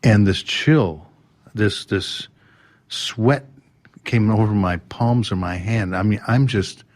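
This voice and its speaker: A man as a podcast guest, telling a story with lively restarts and acting out voices and sounds. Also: lowish voice, slow pace. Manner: animated, acts out quotes and sounds, many restarts. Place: drum showroom.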